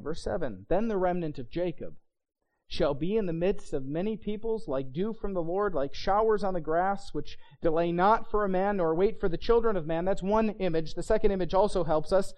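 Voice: mid-range voice, a little mellow, dull audio. A Bible teacher giving a conversational lesson, often checking in with listeners and reading scripture aloud with stress on key words. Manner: checks in with listeners, asking "right?"; frequent restarts and filler words.

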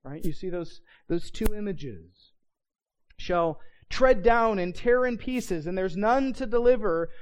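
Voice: mid-range voice, animated, takes it slowly, darkish tone, a little hiss or hum. A Bible teacher giving a conversational lesson, often checking in with listeners and reading scripture aloud with stress on key words. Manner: checks in with listeners, asking "right?"; frequent restarts and filler words.

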